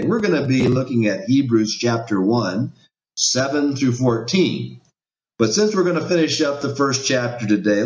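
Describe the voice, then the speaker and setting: Animated preacher man, echoey room. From United States. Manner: emphatic preaching with wide rises and drops in pitch. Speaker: pastor. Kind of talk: sermon with scripture reading. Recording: echoey room, dull lo-fi sound.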